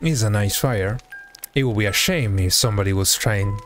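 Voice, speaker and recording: A young man streaming a survival game, commenting live, excitable, yelping and talking to the creatures on screen. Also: on the low side, normal speed, faint music behind. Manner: excitable, yelps and talks to the game. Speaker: gaming streamer.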